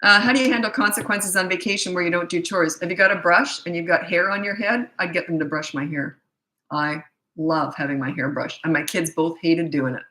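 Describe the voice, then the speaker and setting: A woman's voice: on the low side, fairly quick, sharp tone. A middle-aged woman hosting a live parenting Q&A, chatty, blunt and self-deprecating as she answers viewer questions. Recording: echoey room.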